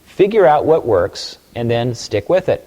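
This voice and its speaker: A man's voice: mid-range voice, big pitch swings, a little slow, warm tone, in a large hall. A man giving a recorded sales training talk, coaching emphatically and acting out phone-call examples.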